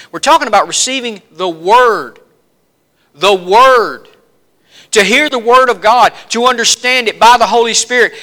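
Bright-voiced Southern US preacher man. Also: sits high. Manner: rises to emphatic, lists points with swelling force. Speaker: pastor. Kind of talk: sermon.

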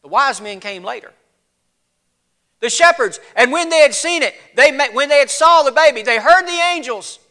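A man preaching a sermon in a folksy, animated storytelling way, his voice getting cracky. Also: extremely high pitch, moderate pace. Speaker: pastor.

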